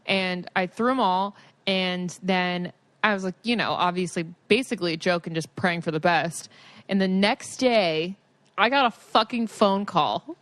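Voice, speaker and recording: A woman in her twenties co-hosting a podcast, telling stories in an animated way, laughing often and leaning on "like" fillers. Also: fairly low pitch, measured pace, dry recording. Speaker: podcast co-host. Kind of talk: casual chat.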